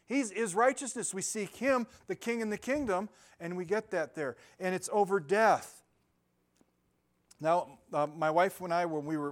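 An older man preaching an informal sermon, rambling and correcting himself, telling stories and laughing often. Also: fairly high pitch. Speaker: pastor.

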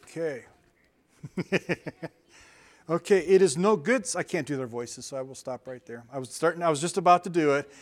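A male pastor preaching a conversational sermon, animated and at times loud. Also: a little high, normal speed, long pauses.

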